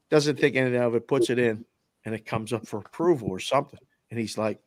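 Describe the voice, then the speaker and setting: Middle-aged male podcast guest, casual storyteller, mid-pitched voice, dry close mic. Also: no echo. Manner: animated, quotes people in quick back-and-forth.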